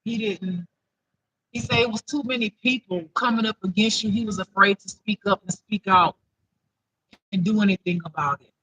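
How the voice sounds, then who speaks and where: A man's voice: high-pitched, moderate pace, bright, forceful tone, slightly rough, no echo, poor audio. A man giving an improvised spiritual reading to viewers, emotional and close to tears, repeating himself in a chatty way. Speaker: intuitive spiritual reader.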